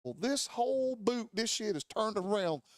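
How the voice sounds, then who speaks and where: A man's voice: high voice, animated, moderate pace, no room sound, studio quality. A man telling a casual, profane motorcycle story and acting out the voices and sounds of his friends. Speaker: podcast storyteller. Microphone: studio mic.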